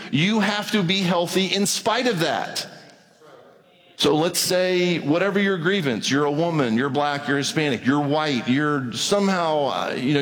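A man preaching a sermon as pastor, animated, acting out little conversations with rises and drops in his voice. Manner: animated preaching, acts out dialogue, pitch swings widely. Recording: long reverb of a large hall.

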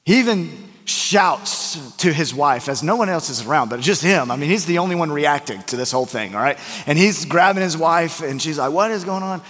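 Pastor preaching in a reverberant church. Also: male voice, fairly high pitch, expressive, normal speed, few pauses, a bit bright. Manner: conversational, joking, many fillers and restarts. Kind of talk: sermon with storytelling. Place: church sanctuary. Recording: church hall with long reverb.

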